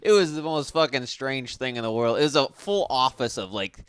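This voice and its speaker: A man co-hosting a livestream, telling stories in casual chat with an animated delivery and plenty of swearing. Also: mid-range voice, moderate pace, smooth, dry recording, studio quality. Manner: animated storyteller, swears freely. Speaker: livestream co-host.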